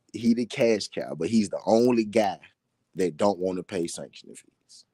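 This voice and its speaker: Deep dark-voiced man ranting about boxing. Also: animated, slow, husky, no echo, clean studio sound. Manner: repetitive, emphatic, laughing between points. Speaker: boxing talk show host. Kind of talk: casual live commentary.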